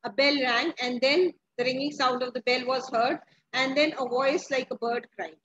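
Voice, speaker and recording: A woman's voice: high-pitched, steady tone, normal speed, a bit bright, highs cut off, slight background noise. A woman, a teacher explaining a story to her class, asking questions and often restarting her sentences. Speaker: English teacher.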